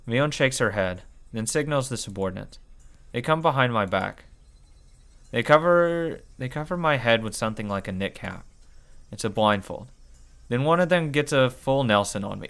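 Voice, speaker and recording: Casting: casual let's-play reader, a man with an animated, swinging delivery. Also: mid-range voice, normal speed. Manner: swears and comments between lines. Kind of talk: reading a visual novel aloud with reactions.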